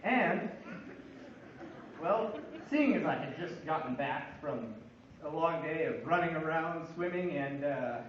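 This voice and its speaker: High-pitched guy doing a funny story bit, wry and fed up, super echoey big room, far mic. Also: animated, slow, slight background noise. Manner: wry, building comic exasperation. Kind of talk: humorous storytelling monologue. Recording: very echoey, distant, dull room recording.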